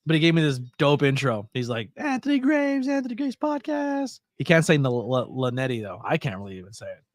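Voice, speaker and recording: A man with a medium-pitched voice talks fast as he hosts a casual livestream, chatting loosely about wrestling while he watches. He's chatty and laid-back, sleepy and yawning, laughing at his own stories. The sound is clean studio audio with no room sound.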